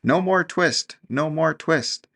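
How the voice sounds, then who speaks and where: A man voicing a merry chorus of little tailor mice in a chirpy, sing-song manner, pitched above his own voice. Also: slow pace, a bit bright, full character voice.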